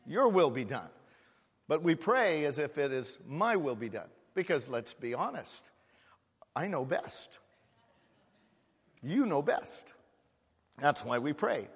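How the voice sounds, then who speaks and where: A man preaching a sermon as a pastor, swinging from loud, emphatic repeated words to hushed, quiet asides. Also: fairly high pitch, very animated, slow, long pauses, husky. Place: church hall. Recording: long hall reverb in a church.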